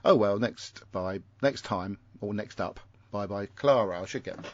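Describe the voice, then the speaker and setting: A man's voice: fairly low pitch, unhurried, lo-fi sound, a little hiss or hum. A man hosting a podcast, reading out listener feedback in a casual, rambling way with chuckling asides and frequent self-interruptions. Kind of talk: casual chat.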